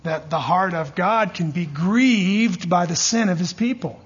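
Husky-voiced man preaching, lively call-and-response. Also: sits high, unhurried, dull audio. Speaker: pastor teaching a church class. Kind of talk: sermon.

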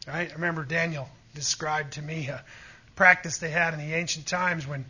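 A man's voice: on the high side, steady tone, moderate pace, sharp tone, husky, highs cut off. A man preaching a sermon with emphatic, fervent delivery, often calling out to his listeners for agreement. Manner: emphatic, rising to fervent peaks, asks the audience "Amen?".

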